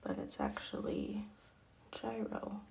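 A woman's voice: medium pitch, huge pitch swings, slow, gravelly, a little mellow, heavily acted. A woman doing a sly, vengeful little girl, whispered role-play.

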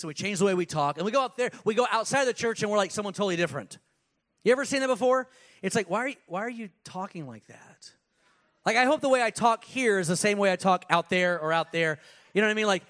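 A man with a high voice preaching a lively sermon. He talks casually, drops into put-on voices and shouts lines from off the mic. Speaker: pastor.

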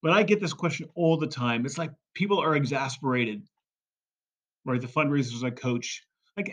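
A man's voice: medium pitch, moderate pace, fairly bright tone, muffled recording. Emphatic man coaching on fundraising. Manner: emphatic, repeats key phrases, frequent "right?" and "okay?". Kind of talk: podcast monologue.

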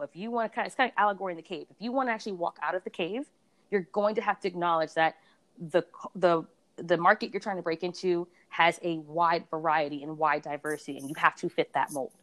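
Chatty woman telling stories, lively. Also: lowish voice, brisk. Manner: animated storytelling, acts out others' voices. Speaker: beauty reviewer and blogger. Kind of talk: casual conversation.

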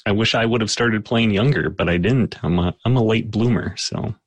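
A man running a tabletop game podcast as game master, talking casually and haltingly with many fillers and self-deprecating asides. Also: lowish voice, dry recording.

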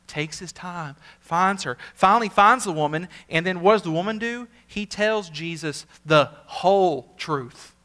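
A male pastor delivers a sermon in a fairly high, bright, forceful voice. He preaches earnestly, repeating key words and swinging between loud emphatic peaks and hushed asides. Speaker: senior pastor.

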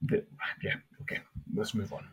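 A man co-hosting a casual gaming podcast, rambling through player stats with frequent restarts. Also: normal speed. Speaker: podcast co-host.

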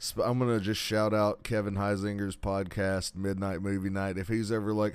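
A man's voice: fairly low pitch, normal speed, hardly any pauses, a little mellow, smooth. A man hosting a podcast, chatting casually and joking with frequent laughs. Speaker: podcast host. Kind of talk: casual chat.

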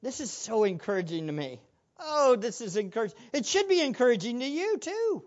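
A man's voice: extremely high pitch, very animated, a little fast. Male pastor, sermon delivery, earnest with rhetorical questions, dull lo-fi audio.

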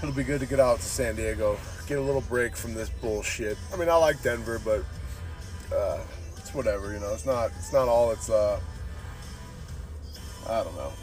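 Soft music plays behind a man hosting a podcast, his medium-pitched voice slightly dark and moving at a moderate pace with frequent pauses. He's easygoing and rambling, curses often, and addresses everyone as "dude" constantly.

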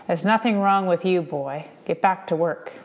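A woman's voice: lowish voice, normal speed, lo-fi sound, natural voice. A woman voicing a stern school matron who scolds sharply and dismissively. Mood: scolding.

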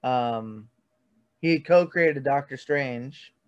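A man's voice: medium pitch, drawn-out words, clean tone. A man hosting a casual podcast chat, rambling loosely with many fillers. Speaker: podcast host. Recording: dull lo-fi sound.

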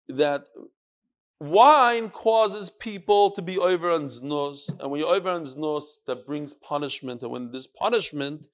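A man teaching a Talmud class in a lively, questioning manner, sprinkling in Yiddish and Hebrew terms to students in a study hall. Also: a little high.

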